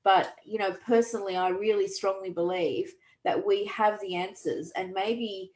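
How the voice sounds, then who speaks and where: A woman's voice: medium pitch, fairly even intonation, moderate pace, darkish tone. A woman, a podcast host and coach, talking earnestly and reflectively with frequent restarts. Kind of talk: conversational coaching talk. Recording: roomy echo.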